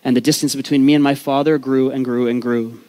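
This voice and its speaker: A man's voice: mid-range voice, fairly even intonation, fairly quick, mellow. A man from Vancouver, telling his life story on stage as a comedic talk, candid and profane with joking asides to the crowd. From Canada, Vancouver.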